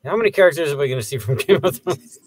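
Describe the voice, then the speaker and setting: A man's voice: on the high side, lively intonation, racing, breathy edge, faint music behind. A man co-hosting a casual podcast chat, loose and joking with lots of fillers. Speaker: podcast co-host.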